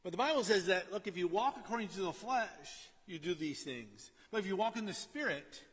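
A middle-aged man preaching a sermon in a conversational way, often asking "right?" and dropping to a quiet storytelling tone. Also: sits high, expressive, brisk, breathy edge, big-room sound. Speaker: pastor.

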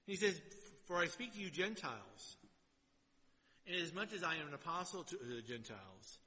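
A man preaching a sermon and reading scripture aloud, swinging between loud exhortation and quiet, low asides, in a church. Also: very animated, moderate pace. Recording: long hall reverb.

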